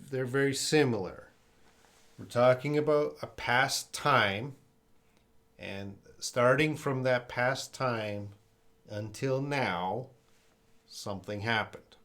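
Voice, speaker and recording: A man's voice: medium pitch, a bit bright. A man teaching English on a casual livestream, reading viewer questions aloud and explaining them with example sentences. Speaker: English teacher answering live chat questions.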